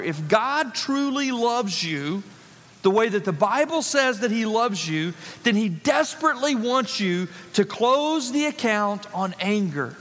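A man's voice: high-pitched, a bit bright, long reverb tail. A male pastor preaching a sermon, emphatic and repeating key phrases for stress. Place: church sanctuary.

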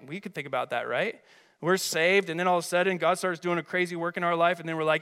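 A man preaching a sermon as a pastor, energetic and emphatic, with chatty rhetorical asides. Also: sits high, quick pace. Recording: long hall reverb.

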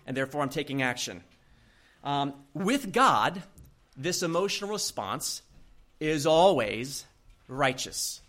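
A male pastor preaching a sermon, telling a story in an animated way and laughing often. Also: a little high.

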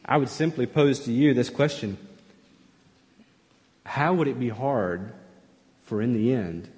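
A pastor preaching a sermon, emphatic at times and dropping to a near hush at others. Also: male voice, medium pitch, unhurried. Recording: long reverb of a large hall.

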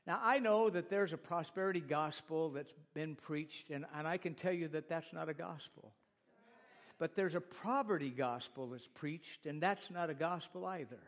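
A man's voice: a little high, normal speed. A middle-aged male pastor preaching a sermon, talking straight to the congregation with rhetorical questions and retold stories.

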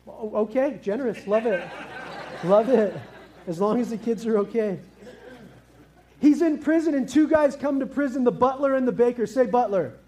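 A man preaching in a very high, mellow voice. He speaks casually and lively to a family congregation, tossing questions to the audience and slipping into slang. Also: moderate pace. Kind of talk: family sermon with kids present.

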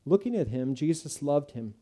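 Dark-voiced male preacher giving a sermon. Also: on the high side, lively intonation, normal speed. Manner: earnest, emphatic preaching. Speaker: pastor.

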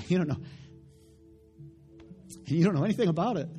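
A pastor preaching a sermon, retelling a story in voices and building to loud, passionate preaching. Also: male voice, on the high side, expressive, moderate pace, long pauses, soft background music.

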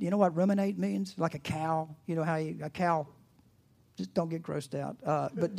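A pastor preaching a sermon, animated and asking the congregation questions, dropping to a soft, hushed voice in reflective passages. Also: medium pitch, normal speed, creaky.

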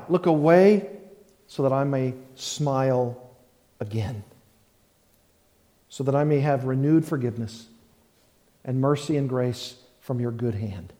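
A man preaching a sermon as pastor, slow and emphatic, repeating key phrases. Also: mid-range voice, warm tone, long reverb tail.

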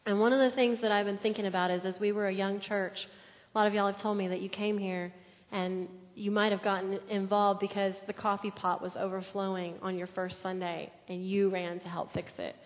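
A woman's voice: mid-range voice, brisk. A woman pastor, preaching a sermon and acting out the quotes as she tells the story. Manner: animated storytelling with acted-out quotes. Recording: echoey hall, dull muffled sound.

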